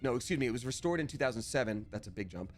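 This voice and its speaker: A male streamer chats casually while playing a game, and his pitch rises and falls freely as he tells a story. He slips into acting out both sides of the conversation. Faint music plays underneath. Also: animated, racing.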